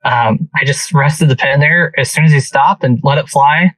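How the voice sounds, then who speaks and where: Man guest, casual storyteller with frequent restarts, bright and a little distant from the mic. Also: medium pitch, normal speed, no echo. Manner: animated hunting story with many restarts. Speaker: podcast guest.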